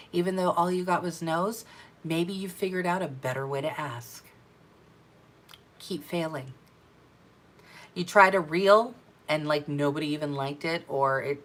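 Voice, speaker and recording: A woman coaching her sales team in an energetic, emphatic talk, repeating her key phrases for effect. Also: deep voice. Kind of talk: motivational business talk to camera.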